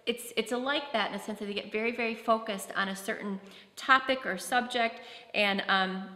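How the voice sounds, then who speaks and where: Bright-voiced woman presenting in an echoey hall. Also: mid-range voice, normal speed. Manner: conversational with many fillers and restarts. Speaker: presenter on autism. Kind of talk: conference talk. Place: conference hall. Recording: echoey hall with long reverb.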